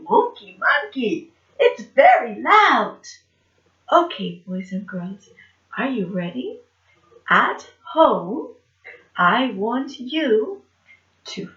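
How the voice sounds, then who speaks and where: A woman teaching young children online, speaking very slowly and clearly with a high, bright voice. She swings dramatically from hushed whispers to shouts. The room echoes and the sound is slightly dull. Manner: animated, slow and clear, whispers and shouts for effect.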